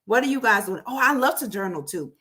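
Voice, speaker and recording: A woman's voice: on the high side, lively intonation, quick pace, a bit bright. A woman hosting a casual solo podcast, chatty and talking straight to her listeners with frequent laughs. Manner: chatty, laughs often, addresses listeners directly. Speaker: podcast host.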